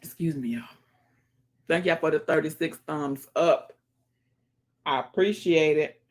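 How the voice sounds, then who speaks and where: A woman's voice: low-pitched, unhurried. A woman hosting a casual livestream, greeting viewers by name and chatting as she reads the comments. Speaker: livestream host.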